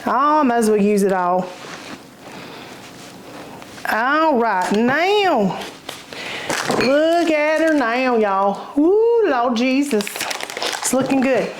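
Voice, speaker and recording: Speaking very slowly with long pauses, this Southern US woman runs a casual cooking demo from her home kitchen for her channel. Her voice is a little high and expressive, and the background is noisy. Folksy and talkative, she drops "y'all" and laughs readily.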